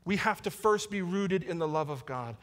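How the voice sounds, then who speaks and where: A man's voice: high voice, animated, normal speed. A man, a pastor, preaching a sermon in an earnest way and repeating key lines for emphasis. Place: church sanctuary. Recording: long church hall reverb.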